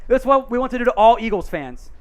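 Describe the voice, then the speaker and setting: A man hosting a live sports watch-along, calling plays with excited bursts between chatty asides. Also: very high-pitched, fast. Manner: excited play-by-play calls mixed with chatty asides. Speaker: host.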